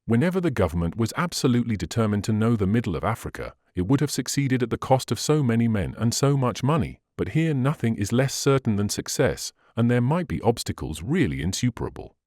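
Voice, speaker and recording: A man's voice: medium pitch, big pitch swings, fairly quick, few pauses, a little mellow, no echo, studio quality, close to an everyday voice. A man reading the part of a thoughtful explorer weighing the difficulties. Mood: reasoning. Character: thoughtful male American explorer.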